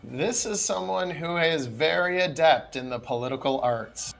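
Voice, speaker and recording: Man, dungeon master, slightly high voice, casual narration, relaxed, tabletop game stream. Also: normal speed, creaky, faint music behind.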